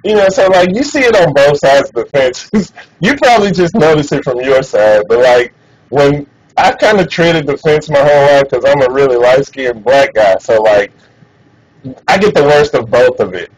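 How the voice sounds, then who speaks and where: A man streaming and chatting casually, animated and profane, laughing often. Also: medium pitch, normal speed, low-quality recording. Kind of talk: casual chat.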